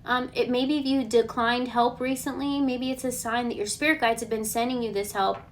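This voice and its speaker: Woman, tarot reader, casual collective reading, slightly high voice, reassuring, frequent "okay?", faint background noise. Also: normal speed. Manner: chatty, ends points with a questioning "okay?"; relaxed and reassuring, thinks aloud with fillers.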